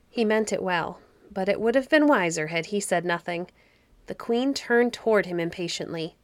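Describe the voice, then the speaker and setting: A woman narrating a fairy story for a podcast in a soft, cozy, unhurried manner. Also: medium pitch, expressive, no room sound.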